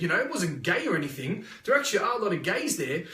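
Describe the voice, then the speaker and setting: A man's voice: high voice, very animated, fast talker, hardly any pauses, sharp tone, reverberant, recorded from a distance. An Australian man giving a live motivational talk, blunt and full of swearing as he tells stories. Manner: blunt, swears freely, restless storytelling. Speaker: motivational speaker.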